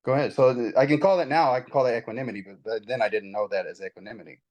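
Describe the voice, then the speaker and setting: A man speaking at a fast clip in a casual spiritual conversation. He tells his story in a rambling, animated way, restarting sentences often. His voice sits at a middling pitch for a man. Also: low-quality recording. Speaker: guest.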